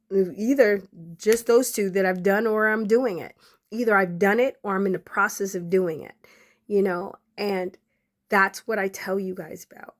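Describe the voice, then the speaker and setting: A woman in her forties hosting a podcast, talking emotionally to her followers and fighting back tears as she speaks. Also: medium pitch. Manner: conversational, addresses listeners directly. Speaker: podcast host. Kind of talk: emotional personal talk to followers.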